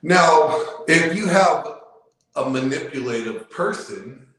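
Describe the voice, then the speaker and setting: A man's voice: a little high, lively intonation, slow pace, a bit bright. Emphatic man in a very echoey room. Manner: emphatic, repeats himself, lectures. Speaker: guest. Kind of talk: casual debate on a live show.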